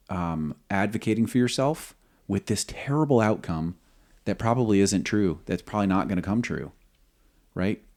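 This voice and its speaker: Earnest man with a very deep voice. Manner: earnest, steady reasoning. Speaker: podcast co-host, former squadron commander. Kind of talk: reflective faith talk.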